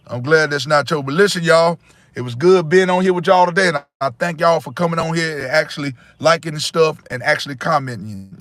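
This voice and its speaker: A man's voice: fairly high pitch, a bit bright, dry recording. Blunt preachy man on a livestream. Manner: preachy, blunt, repeats himself, addresses viewers as y'all. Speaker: livestream host. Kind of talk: casual livestream talk to viewers.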